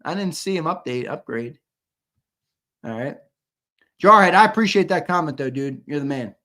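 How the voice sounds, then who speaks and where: An animated young man with a fairly high, sharp voice speaks at normal speed while co-hosting a live fan show. He reads comments aloud, chats loosely with viewers, swears, and repeats his lines.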